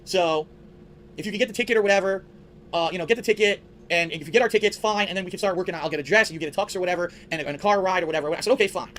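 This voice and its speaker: A man tears through a bitter story at breakneck speed, his voice pitched high and sharp with grievance. He swears freely and sounds wronged at every turn. A faint noise floor sits under the recording. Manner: rapid, profane, indignant. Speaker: ranting show host. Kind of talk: angry storytelling rant.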